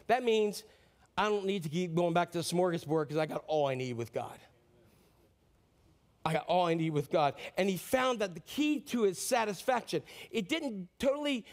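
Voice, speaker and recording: High-voiced man preaching a lively sermon. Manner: conversational preaching, acts out quotes, swings from hushed to excited. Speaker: pastor.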